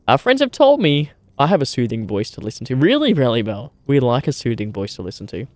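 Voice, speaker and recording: Sitting by a campfire outdoors, a young Australian streamer chats casually with his viewers, relaxed and matey, cursing freely and calling everyone mate. He talks a little fast in a mid-range, slightly mellow voice with huge pitch swings, and the recording is dry.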